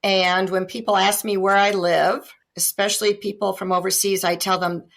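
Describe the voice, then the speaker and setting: A woman's voice: mid-range voice, little pitch movement, normal speed, creaky, fairly bright tone. Chatty woman from Iowa telling stories. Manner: chatty, tells anecdotes with humor. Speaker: podcast guest. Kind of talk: casual storytelling interview. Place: remote call.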